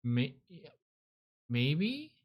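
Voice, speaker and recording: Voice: mid-range voice, sing-song, very slow. A streamer reacting on a live stream, thinking aloud and asking unsure questions about the game's story.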